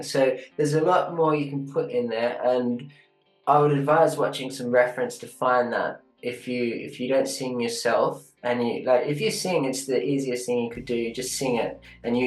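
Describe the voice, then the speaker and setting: A man's voice: mid-range voice, darkish tone. A man reviewing animation in a chatty, casual way, sometimes half-singing a line to show what he means. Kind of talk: casual teaching critique. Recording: echoey room with faint guitar music.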